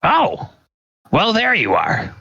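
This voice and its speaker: A man's voice: high voice, huge pitch swings, slow pace, vocal fry, pushed and bright, slightly rough, dry recording, dull audio, pitched above the performer's own voice, full character voice. A man doing a testy old archmage. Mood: brusque. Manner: fussy, brusque, exasperated. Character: impatient older male archmage, distinguished, testy.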